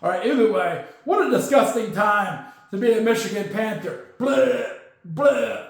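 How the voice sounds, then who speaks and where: High-voiced ranting sports host, echoey. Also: male voice, lively intonation, normal speed. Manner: opinionated ranting, tags "okay?". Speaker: podcast host. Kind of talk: solo sports commentary. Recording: very echoey room.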